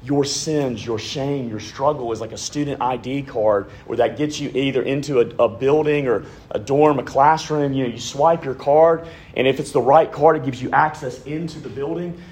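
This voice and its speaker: Husky-voiced man preaching a sermon. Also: medium pitch, moderate pace, few pauses. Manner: preaching with wide swings from loud to hushed. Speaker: pastor.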